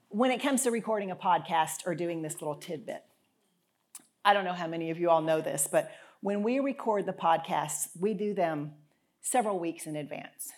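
A woman talks through a devotional in a relaxed, chatty way. Her voice sits a little low, and she stops to clear her throat from time to time. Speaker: podcast host and Bible teacher. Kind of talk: casual devotional talk.

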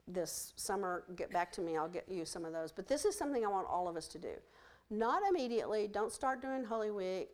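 A woman leading a Bible study for women, teaching in a lively, emphatic way and repeating phrases for stress, then closing in prayer. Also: medium pitch.

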